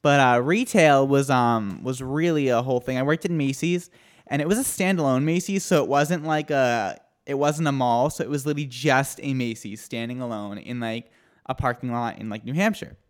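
A man with a medium-pitched voice and a moderate pace co-hosts a podcast. His chat is casual and full of meandering stories, with plenty of swearing and laughter.

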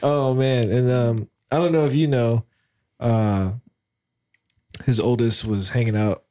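A man's voice: medium pitch, fairly even intonation, unhurried, dark tone. A man in his thirties co-hosting a casual podcast, joking and laughing as he tells stories. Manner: joking, laughs often, profane. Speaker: podcast co-host. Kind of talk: casual chat.

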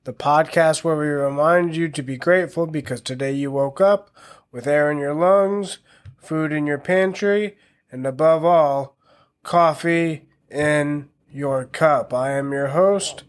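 A man's voice: fairly high pitch, slow pace. A man of around thirty hosting a casual solo podcast, talking in a wry, self-mocking way with crude jokes. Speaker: podcast host.

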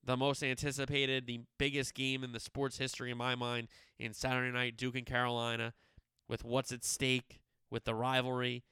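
A man's voice: medium pitch, completely flat delivery, moderate pace, sharp tone, smooth, no echo, clean studio sound. A young man hosting a sports show, chatting casually through upcoming matches with loose, opinionated, slangy asides. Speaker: sports podcast host. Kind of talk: casual sports preview chat.

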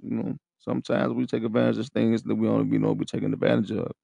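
A man talks in a loose, rambling, profane street-slang monologue. His voice sits low and has a rough, gravelly edge. The sound is dry and close, with no room around it. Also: flat delivery, fast, warm tone, no echo, muffled recording. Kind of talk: casual monologue to camera.

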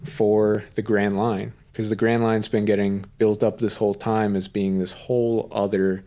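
A man's voice: fairly low pitch, level tone, moderate pace, warm tone. A man co-hosting an anime recap podcast, retelling scenes in a casual, enthusiastic way full of fillers and quoted lines. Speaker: podcast co-host.

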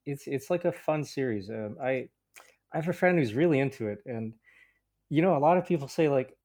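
A man's voice: mid-range voice, lively intonation, fairly quick, darkish tone. A man co-hosting a podcast, talking in a hesitant, thoughtful way with many ums and likes. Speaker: podcast co-host. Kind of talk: casual podcast chat.

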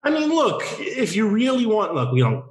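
A man's voice: high-pitched, huge pitch swings, moderate pace. Opinionated man in wry podcast chat. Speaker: podcast co-host. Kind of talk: casual chat.

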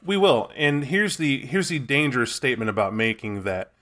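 A man's voice: mid-range voice, very animated, moderate pace, fairly bright tone. A man co-hosting a podcast, bantering with dry jokes. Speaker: podcast co-host. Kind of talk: casual chat.

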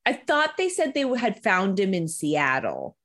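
A woman co-hosting a casual chat about a TV episode, animated and acting out characters' lines as she talks. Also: mid-range voice, measured pace. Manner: animated, acts out characters' lines mid-story. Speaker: podcast co-host.

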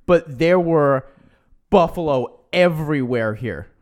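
Podcast guy, a bit high voice, excitable and jokey, rambling history chat. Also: slow pace. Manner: excitable, tells history with jokes. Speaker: podcast co-host. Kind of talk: casual chat.

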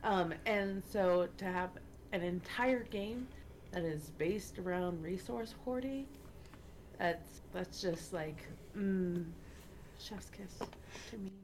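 Slow-talking playful woman. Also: fairly low pitch, darkish tone, a little hiss or hum. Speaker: podcast co-host. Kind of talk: casual chat.

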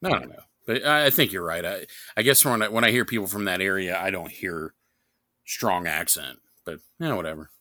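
A man's voice: deep voice, a little fast, bright, forceful tone, no room sound, studio quality. A man from New York, co-hosting a podcast in casual, joking, rambling chat with plenty of swearing. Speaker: podcast co-host.

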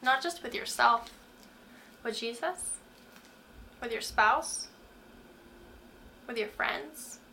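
A woman's voice: a little high, slow, vocal fry, pauses often, sharp tone, slight background noise. A young woman giving a faith-based motivational talk, speaking earnestly and putting direct questions to the listener. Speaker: Christian speaker.

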